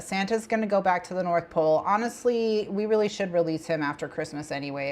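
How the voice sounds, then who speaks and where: A woman hosting a casual co-working livestream, talking in a rambling, chatty way with bursts of excitement. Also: lowish voice. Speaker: livestream host. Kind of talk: casual co-working stream chat.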